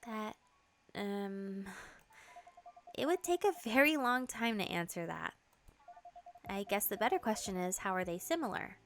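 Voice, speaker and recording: A woman voicing a calm, thoughtful barista in gentle, measured tones, reading game dialogue. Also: medium pitch, slight background noise. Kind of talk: game dialogue read-through.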